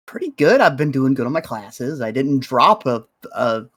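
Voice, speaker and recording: A man's voice: medium pitch, sing-song, moderate pace, fairly bright tone, no room sound, studio quality. Easygoing man player describing his character. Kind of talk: casual tabletop play.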